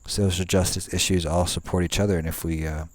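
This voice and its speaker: A young man with a low-pitched voice and steady tone talks briskly outdoors at night, vlogging with no echo. His speech meanders, full of fillers and restarts, and he's laid-back, swearing casually now and again.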